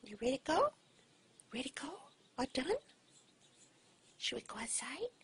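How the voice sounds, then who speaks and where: Woman, pet owner, doting baby talk to her bird; high-ish, lively melody, slips into whispers. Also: moderate pace, slight background noise. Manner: coaxing, sing-song, drops to soft whispers at times.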